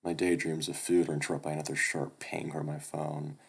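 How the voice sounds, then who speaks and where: Very deep gravelly man reading a game. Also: flat delivery, a little fast. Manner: wry, swearing asides. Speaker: visual novel reader. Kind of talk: reading a visual novel aloud with commentary. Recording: loud background music.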